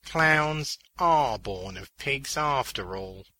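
A man's voice: medium pitch, expressive, slow, bright, forceful tone, no room sound, pitched above the performer's own voice. A man voicing a bewildered, nervous male clown in an audiobook story. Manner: moaning, bewildered.

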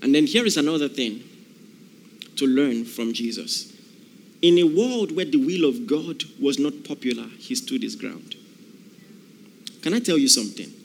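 A man's voice: medium pitch, expressive, normal speed, vocal fry, long pauses, slight background noise. A man preaching a sermon, emphatic, repeating key phrases and acting out the voices of people in the story.

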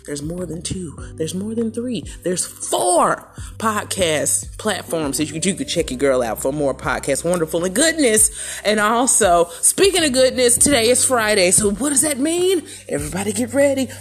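Brief middle-aged woman, podcast host, chatty and playful, medium pitch, soft music underneath. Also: moderate pace. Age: middle-aged or older. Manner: chatty, animated, playful asides. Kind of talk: casual solo podcast chat. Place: at home in a chair.

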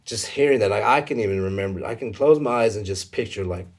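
A man telling a personal faith story in a casual conversation, emotional and halting, with many fillers. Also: fairly low pitch.

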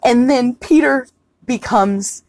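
A woman's voice: fairly high pitch, takes it slowly, a little mellow, no echo. A woman co-hosting a casual chat, animatedly retelling a film scene and swearing freely. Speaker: podcast co-host.

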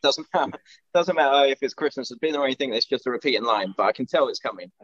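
A man spins long stories among friends, circling back and restarting as he goes. His voice sits at an ordinary pitch, and the recording sounds a little dull and lo-fi. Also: lively intonation, fast, fairly bright tone, slight background noise. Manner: rambling storyteller with restarts. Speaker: podcast co-host. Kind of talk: casual chat.

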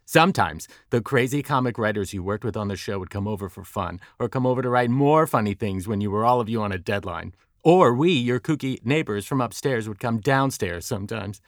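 A man playing a kooky neighbor husband in a deadpan sitcom parody, rambling and repeating himself. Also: on the low side, brisk, few pauses, no echo, clean studio sound, lightly acted. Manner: rambling, repetitive storytelling.

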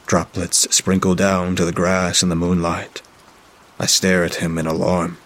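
Male storyteller for a horror narration: very low, husky voice, dramatic reading. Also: level tone, moderate pace, a bit bright. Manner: dramatic, voices characters in dialogue.

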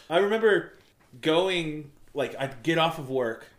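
A man in casual chat, animated, swearing and saying "dude" often. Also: on the high side, slow. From United States. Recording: echoey room.

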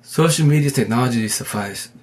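A man talking into his phone on a livestream, rambling in a casual, slangy way and talking fast. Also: medium pitch, a little mellow. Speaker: livestream host.

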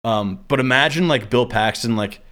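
Podcast dude rambling, laughing, swearing, plain mid voice. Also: male voice, medium pitch, normal speed, fairly bright tone. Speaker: podcast co-host. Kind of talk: casual movie-recast chat.

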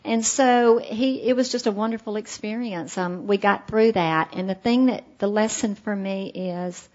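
A woman's voice: medium pitch, moderate pace, a little mellow, highs cut off. A middle-aged woman, earnestly telling a heartfelt personal recovery story at a meeting. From Alabama, USA. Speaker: speaker sharing her recovery story.

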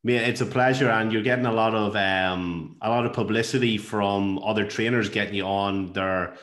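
A male podcast host with a fairly low voice talks in a loose, chatty way, throwing in mate again and again. The recording is roomy and echoey. He keeps the conversation easygoing with his guest. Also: normal speed. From lived in Glasgow for years. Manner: chatty, says mate a lot, relaxed and friendly. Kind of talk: casual interview chat.

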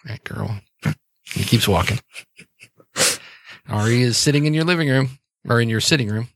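Casual male game master, mid pitch, dry close sound. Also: normal speed, dry recording. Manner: casual, descriptive, laid-back. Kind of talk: narrating a tabletop game.

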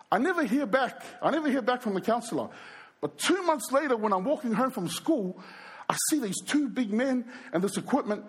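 A man preaching through stories, acting out voices and talking directly to the congregation. His voice is high and swings widely in pitch. There is a husky, breathy edge to it. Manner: animated storyteller who acts out quoted voices and addresses the crowd. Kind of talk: storytelling sermon.

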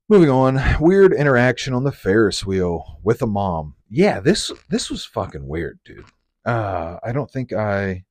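A young man hosting a casual solo podcast, rambling and swearing often, acting out lines in quick voices. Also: lowish voice, darkish tone, dry recording. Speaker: podcast host.

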